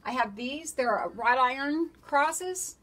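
A woman's voice: high voice, lively intonation, slow, very noisy. A woman hosting a live shopping stream, chatting and reading out item codes and prices. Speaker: shop host presenting products.

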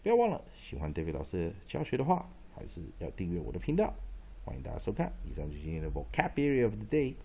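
Gravelly-voiced male pronunciation teacher. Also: low-pitched, wildly swooping pitch, dark tone. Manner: repeats words slowly and emphatically, switching between Mandarin and English. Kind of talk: pronunciation lesson, drilling syllables.

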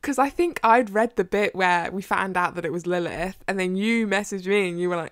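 A young woman co-hosting a podcast, chatting casually and excitably about a book, swearing freely and acting out her reactions. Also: mid-range voice, brisk, hardly any pauses, dry recording. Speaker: podcast co-host.

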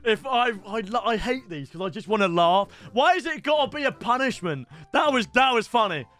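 A man with an extremely high, bright, animated voice hosts a reaction video, talking quickly to his viewers with faint music behind him. He's chatty and self-mocking, restarting his sentences often.

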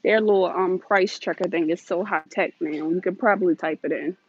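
A fairly quick-talking American woman with a low-ish voice streams live from a large store, phone in hand as she walks, chatting in a scattered way and laughing often. The dull, dry phone audio has a noisy background.

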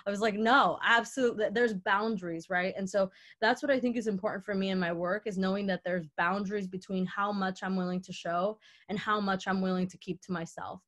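A woman's voice: mid-range voice, steady tone, a little fast. A young woman from Mexico, an artist, telling a heartfelt personal story in a lecture Q&A over a video call. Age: young adult. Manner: earnest, heartfelt, acts out quoted dialogue.

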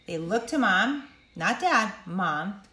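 A middle-aged woman coaching viewers directly, emphatic and animated, acting out quotes in sudden high voices. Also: slow, reverberant, a little hiss or hum. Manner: animated, emphatic, acts out quotes with big pitch jumps. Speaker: speaker and coach. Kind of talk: direct-to-camera talk.

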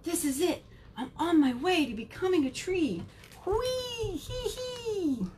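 A woman voicing a tiny, hopeful young male green pea in a picture book read-aloud, with a squeaky, earnest manner. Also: expressive, normal speed, a little mellow, slight background noise. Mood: excited.

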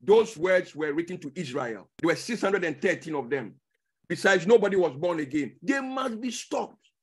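High-voiced preacher with dramatic swings. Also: male voice, animated, moderate pace, slight background noise. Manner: emphatic, repeats key words, swings from loud bursts to low asides; asks rhetorical questions and checks in with the listeners. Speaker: pastor. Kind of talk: teaching sermon.

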